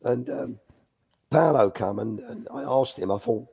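At a measured pace, an older man who used to coach youth players recounts anecdotes for a live Q&A audience. His mid-range voice is creaky, husky, and darkish; he's chatty, often restarts sentences, and dramatizes quotes.

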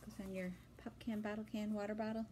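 A woman chatting casually at home in her vlog, excitable and talkative, her voice jumping high when she is thrilled. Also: fast talker, slight background noise, poor audio. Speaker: vlogger. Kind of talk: casual chat.

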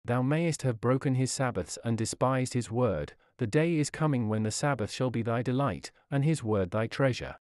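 A man reading a Victorian sermon in an earnest, formal preaching manner. His voice sits at an ordinary male pitch, and the recording is close and dry with no room sound. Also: moderate pace, few pauses, a little mellow, clean tone, dry recording. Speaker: sermon reader.

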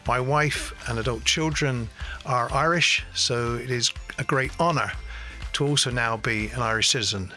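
A man who is a new citizen speaking in a measured, sincere way in a recorded video message. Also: mid-range voice, bright, forceful tone, faint music behind.

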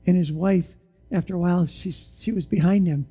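A pastor preaching in church with a mellow, warm tone at a middling pitch. The delivery is animated, full of pointed rhetorical questions, with sudden drops to a hushed low voice for emphasis. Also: moderate pace, slightly rough. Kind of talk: sermon.

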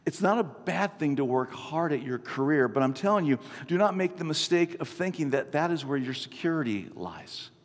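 A man in his fifties preaching a sermon, an animated, self-mocking storyteller. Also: on the high side, moderate pace, hardly any pauses. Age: 50s. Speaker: pastor. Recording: long reverb from a large hall.

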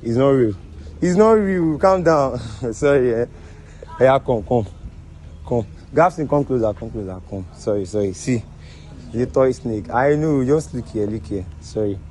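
A man's voice: medium pitch, a little slow, a little mellow, a little hiss or hum, rough recording. A man with a Nigerian accent hosting a prank video outdoors, repeating himself in an apologetic, soothing way and laughing often. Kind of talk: casual prank banter.

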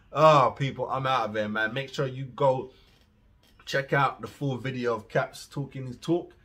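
Husky man ranting bluntly. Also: mid-range voice, a little slow. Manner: blunt, swears freely, swings from muttering to loud outbursts. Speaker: reaction vlogger. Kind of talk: casual reaction rant.

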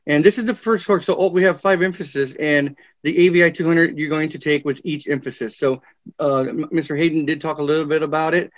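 A man presenting courses in a webinar, reading descriptions with frequent fillers and pauses. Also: a little high, fairly even intonation, no room sound. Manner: halting, many fillers, reads course descriptions. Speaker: university program presenter. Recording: dull, dry lo-fi webinar audio.

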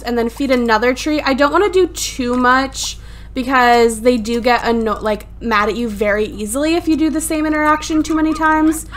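A woman giving casual, swear-heavy commentary over her life-simulation gameplay. She sounds exasperated and laughs often, recorded at home on a desktop USB microphone. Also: high voice. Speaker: let's play gamer.

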